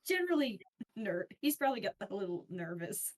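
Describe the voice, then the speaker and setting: A woman playing a tabletop game, describing her character in a halting way with fillers. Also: on the high side, sing-song, a little mellow. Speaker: player.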